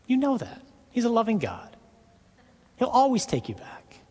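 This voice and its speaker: A man's voice: very high-pitched, huge pitch swings, moderate pace, dark tone, pitched above the performer's own voice, full character voice. A man voicing a sly male devil who tempts and then mocks, speaking in a wheedling, sneering way. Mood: coaxing. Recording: echoey hall.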